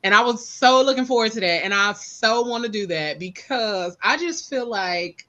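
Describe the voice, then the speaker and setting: A woman guest in casual podcast chat, telling stories in an animated, expressive way. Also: fairly high pitch, moderate pace.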